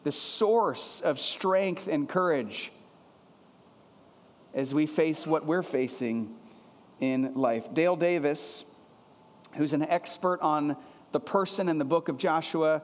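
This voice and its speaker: A male pastor delivering a sermon in a slightly higher-than-usual voice. He preaches with earnest emphasis, doubling back on key phrases to drive them home. His words ring out with a long reverb, as in a large church hall. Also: slow pace, pauses often.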